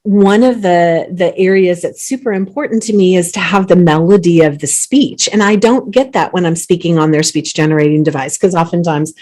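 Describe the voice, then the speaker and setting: Enthusiastic woman host, lower voice. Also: moderate pace, hardly any pauses. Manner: enthusiastic, animated emphasis; repeats words when starting phrases. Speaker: host, company CEO. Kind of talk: conversational interview.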